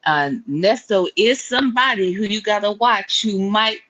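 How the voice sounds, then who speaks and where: A woman co-hosting a casual livestream, talking in a sassy, drawn-out way. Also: medium pitch, animated, fairly bright tone. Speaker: co-host. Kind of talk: casual live chat. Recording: dull, lo-fi audio.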